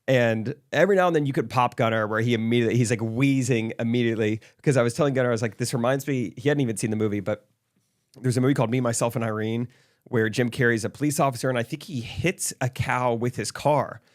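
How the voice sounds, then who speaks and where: A young man co-hosting a podcast, telling stories in relaxed casual chat and laughing often. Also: medium pitch, fast talker. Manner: laid-back storyteller, laughs often. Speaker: podcast co-host.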